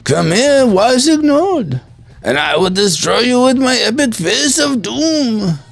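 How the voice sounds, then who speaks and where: A man putting on an exaggerated Cajun accent, playing a loud, theatrical tough guy. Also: very high-pitched, sing-song, unhurried, vocal fry, no echo, soft background music, voice pushed up, full character voice. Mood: threatening. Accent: put-on Cajun. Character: hammy loud man with thick Cajun drawl.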